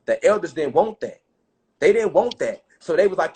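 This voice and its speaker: High-voiced man, animated, profane street-slang storyteller. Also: normal speed. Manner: gets loud and excited at times. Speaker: speaker. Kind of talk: casual spiritual storytelling.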